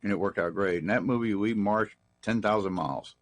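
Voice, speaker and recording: A man's voice: on the low side, brisk, no room sound. A middle-aged man from Texas, telling rambling, folksy stories as an interview guest. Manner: rambling, folksy anecdotes with restarts. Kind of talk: casual storytelling in an interview.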